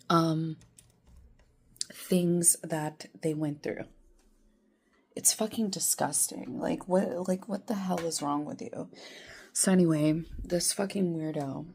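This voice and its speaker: A woman's voice: fairly low pitch, slow pace, creaky, darkish tone, slightly rough. A young woman vlogging from her bedroom, ranting in an exasperated way, swearing a lot and filling her talk with "like". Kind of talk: casual ranting vlog.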